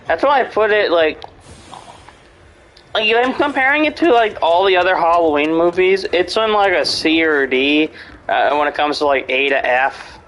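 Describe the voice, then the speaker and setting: A man's voice: fairly high pitch, moderate pace, a bit bright, a little hiss or hum, low-quality recording. A man in casual chat, rambling and swearing a lot, with many fillers and restarts. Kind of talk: casual chat about horror movies.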